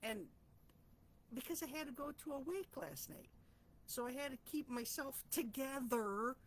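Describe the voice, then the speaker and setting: A woman's voice: high-pitched, lively intonation, measured pace, slight background noise. A woman hosting a personal reflection talk, speaking in a heartfelt, rambling, self-searching way. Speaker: host of a reflection channel.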